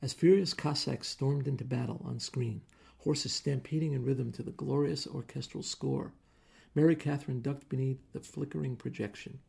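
A man narrating a story in a measured audiobook reading style. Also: medium pitch, fairly even intonation, gravelly, darkish tone, slightly rough.

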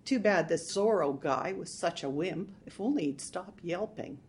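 A woman's voice: fairly low pitch, moderate pace. A woman, an author reading her own story with humour. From Canada. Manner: humorous, animated.

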